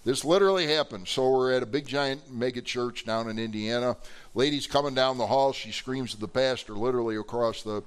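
Animated guy preaching a sermon, tells stories, gets loud for emphasis. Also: medium pitch, brisk, smooth.

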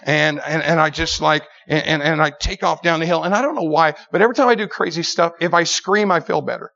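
A middle-aged male preacher, his voice slightly high for a man with vocal fry and a brisk pace, delivers a storytelling sermon to a church crowd. He is animated and emphatic, piling up repeated words as the story builds, and the recording is dull and lo-fi.

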